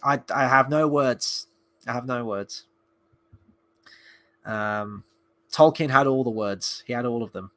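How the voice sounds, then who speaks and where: A film and TV reviewer talks through a TV episode casually, rambling and sarcastic with frequent fillers and restarts. His medium-pitched voice is fairly bright, slow, and full of pauses.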